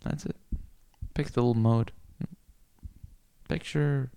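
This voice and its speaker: A man rambling through a crude comic monologue, cursing freely and swinging into loud rants. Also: mid-range voice, fairly even intonation, slow, creaky, clean tone.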